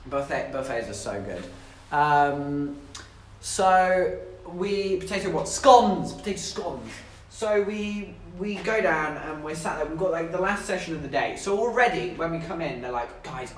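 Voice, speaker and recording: A man's voice: on the high side, lively intonation, measured pace, a little hiss or hum. Rambling, jokey young man streaming live. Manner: rambling, jokey, self-mocking. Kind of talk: casual storytelling to live chat. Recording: roomy, distant from mic.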